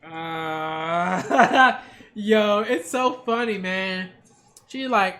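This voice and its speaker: A woman's voice: medium pitch, very slow, fairly bright tone. A woman reacting to an anime episode in a casual, slangy, exclamatory way. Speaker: manga and anime reviewer.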